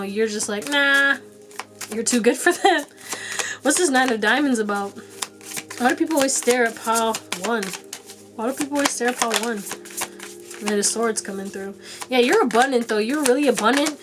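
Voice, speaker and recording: A young woman talks through a tarot reading in a loose, slangy way, breaking into laughs often. Her voice sits a bit high for a woman. Soft music plays faintly behind her. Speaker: tarot reader. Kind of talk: casual tarot reading to camera.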